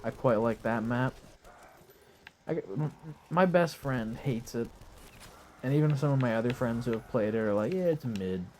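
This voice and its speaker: A young man giving laid-back, rambling live commentary on a game while lying in bed, his voice hoarse and his nose stuffy, swearing casually as he talks. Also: mid-range voice, moderate pace, long pauses, darkish tone, a little hiss or hum. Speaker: gaming commentator.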